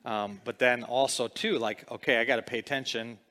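A middle-aged man preaches in an easy, talkative way, spinning a story for his congregation. His voice sits at an ordinary pitch. He climbs and falls as he tells it. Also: fairly quick. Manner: storytelling, conversational, with lively swings in pitch and loudness. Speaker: pastor. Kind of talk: sermon.

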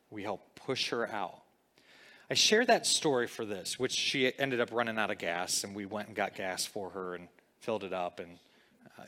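A middle-aged man, a pastor, telling a personal story in a sermon, conversational and lively, now rising, now dropping to a low hush. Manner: storytelling, conversational, with lively swings in pitch and loudness.

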